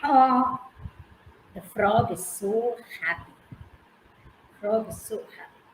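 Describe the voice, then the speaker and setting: Taking it slowly in a slightly high voice, a woman speaking Indian English draws her class into a story with questions, praising listeners by name. The sound is roomy, with noise in the background.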